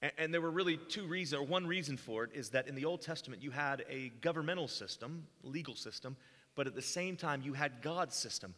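A man preaching with a bright, forceful voice that sits a little high. His words ring out through a large hall with a long reverb tail, and he acts out the quoted lines as he teaches. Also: brisk. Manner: acts out quoted speech with rising intensity. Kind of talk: sermon with Bible reading.

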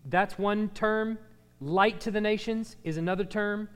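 A man's voice: high voice, fairly even intonation, a little slow, clean tone. A man teaching a Bible class who reads verses dramatically and often repeats words as he restarts. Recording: long hall reverb.

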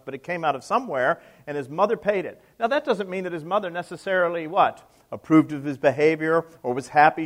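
A middle-aged male pastor preaching a sermon, emphatic, with rhetorical questions and swings between loud and soft. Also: fairly high pitch.

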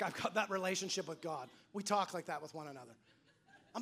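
High, bright-voiced male pastor preaching. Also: a little fast. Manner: animated storytelling, acts out quoted voices. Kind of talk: sermon.

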